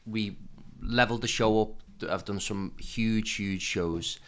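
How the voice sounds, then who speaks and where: A man answering interview questions in a relaxed, businesslike way, with the odd filler. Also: fairly low pitch, a little slow.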